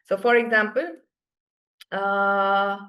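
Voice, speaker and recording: A woman's voice: mid-range voice, little pitch movement, takes it slowly, pushed and bright. A woman teaching French to beginners in an online class, explaining patiently and often checking that students follow.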